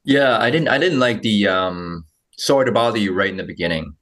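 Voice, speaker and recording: A man giving feedback in a sales coaching session, measured and hesitant with short pauses. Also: fairly low pitch, animated, a bit bright. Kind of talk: casual feedback in a group session.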